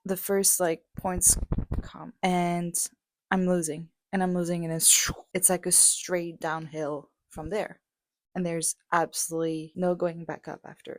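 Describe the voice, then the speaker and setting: A woman's voice: lowish voice, steady tone, unhurried, dry recording. A young woman vlogging on a walk, talking candidly and rambling with lots of fillers and swearing. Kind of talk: casual vlog monologue. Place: outdoors on a walk.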